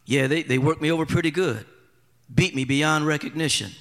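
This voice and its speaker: A calm, unhurried man speaks in a low, quiet drawl, completely unbothered by what he describes, as a preacher acts him out. He sounds far lower and softer than the preacher's own voice. A long echo from a large sanctuary trails behind him. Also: vocal fry. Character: calm laid-back man recounting his own beating.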